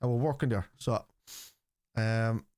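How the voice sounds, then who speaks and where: A man's voice: lowish voice, a little slow, darkish tone, no echo, clean studio sound. An Irish man in his forties, hosting a football watchalong stream and lecturing his chat in an argumentative way. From Ireland. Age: 40s. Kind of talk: live stream chat reply.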